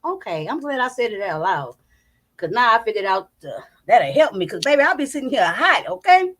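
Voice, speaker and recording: A woman hosting a live commentary stream from home, loud and profane, talking straight to her chat. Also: a little high, very animated, a little fast. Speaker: commentary channel host. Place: home, indoors. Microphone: not on camera, live stream mic.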